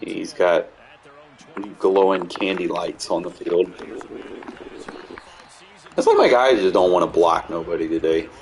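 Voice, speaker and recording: Low, gravelly male gamer narrating his match; irritated, swearing, barking at his team. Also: a little slow, pauses often. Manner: frustrated, swears, yells at players. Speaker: gamer commentating his own play. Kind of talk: casual gameplay commentary.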